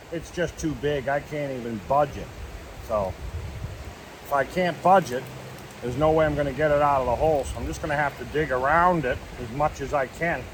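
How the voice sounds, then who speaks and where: A man's voice: fairly high pitch, fairly bright tone, a little hiss or hum, poor audio. A man hosting a casual outdoor prospecting vlog, talking in an easygoing, rambling, folksy way at a dig site. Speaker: gold prospecting vlogger.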